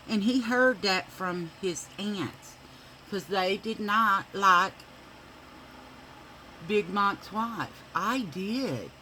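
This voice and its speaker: A woman's voice: mid-range voice, pushed and bright, a little hiss or hum, rough recording. A woman telling rambling stories while doing her makeup at home. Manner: chatty, rambling, with many fillers. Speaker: makeup vlogger.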